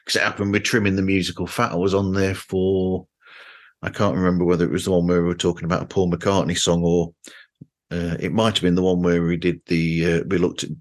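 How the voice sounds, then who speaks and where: Very deep-voiced man chatting casually. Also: brisk. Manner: relaxed, hesitant with fillers. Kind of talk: casual chat.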